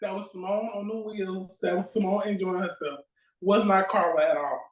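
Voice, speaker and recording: A woman chatting as a guest at home, spinning lively stories and voicing past conversations. Her voice sits mid-height for a woman. The sound rings in an echoey room. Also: medium pitch, moderate pace. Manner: lively storyteller acting out quoted exchanges. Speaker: guest actress. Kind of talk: casual interview chat. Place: at home near a railway line.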